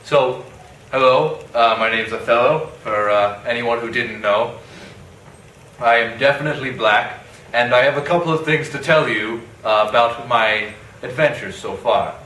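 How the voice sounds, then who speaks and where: A bright, casual Othello, played by a man who brags and rambles like a modern guy at a party. He tells his tale in slang, with faint room noise. The voice sounds roomy and set back from the mic. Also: medium pitch, a little slow. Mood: boastful. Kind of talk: parody skit. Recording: echoey room, mic at a distance.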